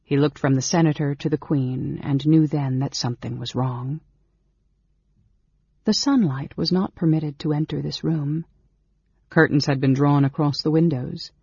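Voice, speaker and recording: A man narrating a fantasy audiobook with a steady, measured reading. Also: a little high, gravelly, breathy edge, no room sound. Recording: dull, dry lo-fi recording.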